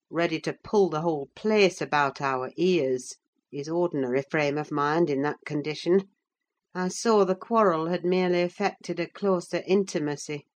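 A woman narrating a classic novel as an audiobook, in a measured, unhurried reading. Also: on the low side. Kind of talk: scripted narration.

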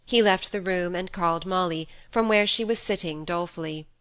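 A woman narrating a classic novel in an audiobook, reading in a measured, even way. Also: lowish voice, smooth.

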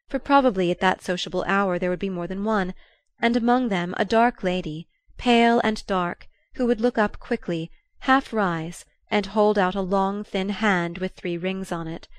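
A woman narrating a classic novel as an audiobook, in a measured, even, unhurried manner. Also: mid-range voice, clean tone, dry recording. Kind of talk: scripted literary narration.

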